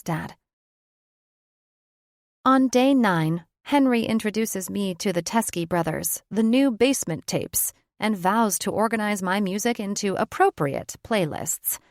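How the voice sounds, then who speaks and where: A woman's voice: medium pitch, creaky, no echo. A woman reads a first-person audiobook in a reflective, conversational way, close to the mic. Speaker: audiobook narrator.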